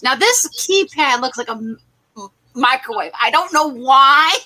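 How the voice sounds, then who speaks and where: A woman chatting casually about a comic she is reading aloud, laughing often and getting animated. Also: high-pitched, measured pace, rough recording. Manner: giggly, animated, reads lines in voices. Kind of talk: casual chat.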